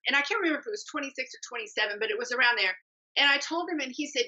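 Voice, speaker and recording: A woman in her sixties who tells her story with lots of energy and acts out the people she quotes. Her voice is bright and a little high. It comes through dull, lo-fi remote audio. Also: animated, fast. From Texas. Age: 60s. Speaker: guest, personal trainer. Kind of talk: storytelling in an interview.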